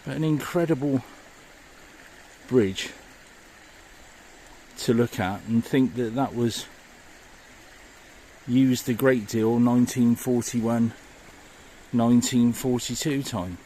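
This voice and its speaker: Male outdoor history vlogger, mid pitch, slow, enthusiastic, faint outdoor ambience. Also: warm tone, a little hiss or hum. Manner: enthusiastic, marvelling. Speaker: walking vlogger. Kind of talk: walking history vlog narration. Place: outdoors by a river and woodland path.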